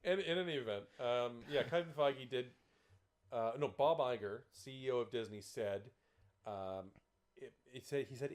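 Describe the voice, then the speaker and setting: A man's voice: mid-range voice, normal speed. Guy cohosting a podcast, rambly and sweary, keeps pulling the talk back on topic, mid voice. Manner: rambling and profane, steers the topic. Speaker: podcast co-host. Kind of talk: casual podcast chat.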